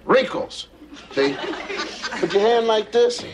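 A man's voice: high-pitched, lively intonation, slow, over music, crowd noise. An actor playing a playful middle-aged father in a family sitcom, teasing his kids and lecturing them in mock-serious fashion. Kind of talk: sitcom acting before a studio audience. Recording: loud studio audience laughter behind.

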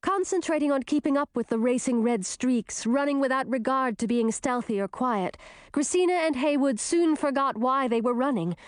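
A woman narrating a fantasy storybook in a clear, steady reading voice. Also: a little high, no echo, clean studio sound. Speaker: audiobook narrator.

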